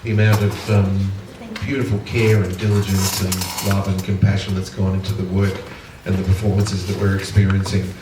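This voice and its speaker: A man's voice: low voice, completely flat delivery, moderate pace, hardly any pauses. Chatty male MC in a noisy echoey hall. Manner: chatty, ad-libs between lines of the introduction. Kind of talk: introducing performers. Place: festival stage. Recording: distant mic in an echoey hall, loud noise.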